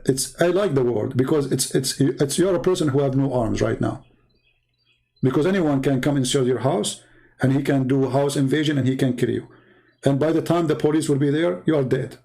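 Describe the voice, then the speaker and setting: A Middle Eastern man speaks English in a casual monologue, emphatic and repetitive, with broken grammar. His voice is medium-pitched and warm, with vocal fry, at a normal speed. He is a Christian apologist.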